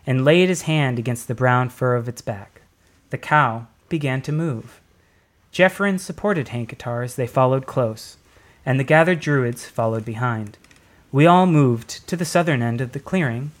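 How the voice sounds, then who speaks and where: A man narrating a story in a plain, even storytelling delivery. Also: medium pitch.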